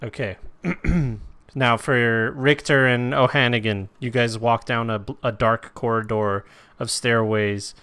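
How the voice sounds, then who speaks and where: A man's voice: medium pitch, steady tone, unhurried, a bit bright, smooth. A man running a tabletop game as game master, setting scenes in a casual, loose way.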